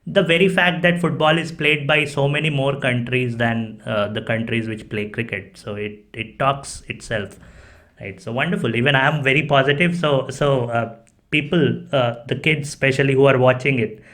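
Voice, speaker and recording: A man's voice: mid-range voice, fairly even intonation, moderate pace, fairly bright tone. A man hosting a casual podcast interview, effusive with praise and often checking in with "right?". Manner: effusive, repeats "right?" and "cool". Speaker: podcast host.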